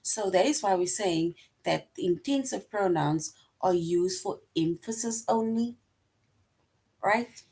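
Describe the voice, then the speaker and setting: A woman's voice: medium pitch, takes it slowly, darkish tone, husky, poor audio. A woman teaching a recorded grammar lesson, explaining step by step, repeating her example sentences and often checking in with "right?".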